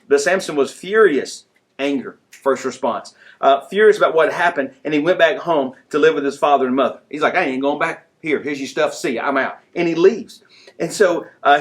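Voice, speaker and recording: A man preaching a sermon in a conversational style, acting out characters in quick asides. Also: a little high. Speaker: pastor.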